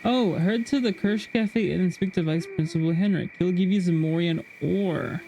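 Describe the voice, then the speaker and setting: A man's voice: high-pitched, normal speed, vocal fry, warm tone, slight background noise. A man streaming a game, chatting casually and reading a game guide aloud with frequent restarts. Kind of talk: casual gameplay stream chat.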